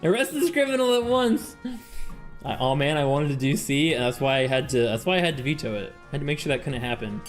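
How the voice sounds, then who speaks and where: A man streaming a strategy game, excitable and laughing as he reads the game text aloud and reacts. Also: mid-range voice, fast, hardly any pauses, soft background music. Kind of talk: game-playing commentary.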